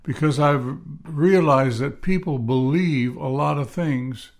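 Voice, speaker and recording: A man hosting a podcast, giving a Bible teaching and reading scripture aloud in a measured, deliberate way, leaning on key words. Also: fairly high pitch.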